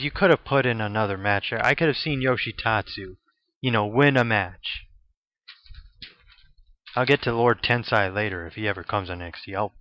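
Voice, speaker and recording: A man giving a casual, rambling spoken review, sarcastic and profane, with quick asides. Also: medium pitch, no room sound, lo-fi sound. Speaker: wrestling show reviewer.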